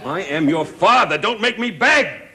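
A man's voice: medium pitch, sing-song, moderate pace, sharp tone, a little hiss or hum. An actor playing a rich, lonely middle-aged father in a sitcom, pleading with his estranged son over the phone and then covering it with forced bluster. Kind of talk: sitcom acting. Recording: studio audience laughter.

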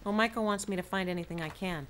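A woman's voice: medium pitch, fast talker, background noise, lightly acted. A woman voicing an eager, inquisitive researcher who keeps pressing for answers.

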